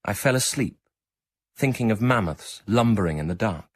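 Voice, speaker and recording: A man with a fairly low voice reads a story in the first person for radio. His delivery is measured and reflective, suited to an unhurried literary narration. It comes from an archived broadcast. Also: animated.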